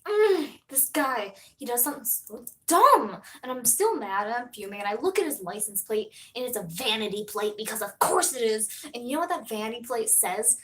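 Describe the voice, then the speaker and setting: Animated young woman streamer. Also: a little high, moderate pace, poor audio. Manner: animated storytelling, swings loud and soft. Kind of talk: casual live-stream chat.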